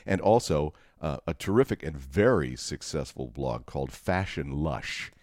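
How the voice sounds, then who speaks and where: A man with a very low voice that still swings widely in pitch, co-hosting a relaxed podcast. He jokes and laughs easily, and his voice sounds close and dry, with no room echo. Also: normal speed. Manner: joking, laughs often. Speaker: podcast co-host. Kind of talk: casual chat.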